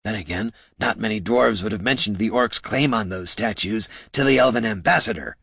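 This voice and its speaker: A man voicing a touchy male kobold purse performer with a raspy voice and quick wisecracking street talk, in a storybook reading. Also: on the low side, sharp tone, dry recording, clean studio sound, exaggerated voice. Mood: musing.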